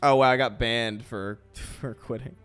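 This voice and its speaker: A young man chatting casually while gaming on stream, thinking out loud in a chatty way. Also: mid-range voice, fairly even intonation, a little slow.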